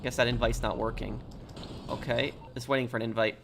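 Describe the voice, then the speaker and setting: A man's voice: mid-range voice, vocal fry, noisy background. Male game streamer, laid-back and a bit tired, chatting with chat, game sounds audible under him. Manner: relaxed, halting, chatty. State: a little tired. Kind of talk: live stream chat, answering viewers.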